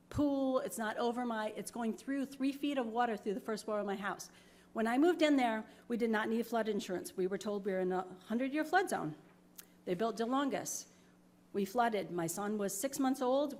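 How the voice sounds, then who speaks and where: A woman from New York speaks at a podium microphone during a town board meeting, her voice on the high side with a darkish tone. Her public comment is emotional, apologetic yet insistent.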